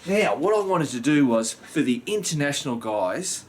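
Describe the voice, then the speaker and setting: A man's voice: on the high side, very animated, moderate pace, slight background noise. An Australian man chatting casually to camera in a rambling vlog, just woken up and swearing mildly now and then. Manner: rambling, frequent mild swearing. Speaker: vlogger.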